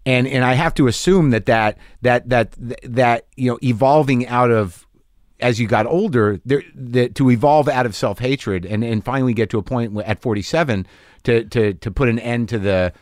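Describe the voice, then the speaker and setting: A man hosting a casual interview, thoughtful and halting, restarting his sentences as he works through an idea. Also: mid-range voice, no room sound, studio quality. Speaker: podcast host.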